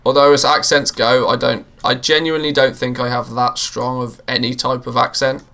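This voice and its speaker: A man's voice: mid-range voice, little pitch movement, moderate pace, gravelly, sharp tone. A British man hosting a live gaming stream, chatting casually with viewers and laughing often. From England, near Liverpool. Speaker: livestream gamer host.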